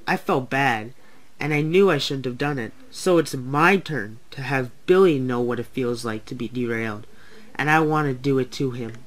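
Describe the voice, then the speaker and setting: A man's voice: medium pitch, normal speed, fairly bright tone, natural voice. A young man voicing a sly, scheming male toy engine plotting revenge in a homemade story. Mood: regretful.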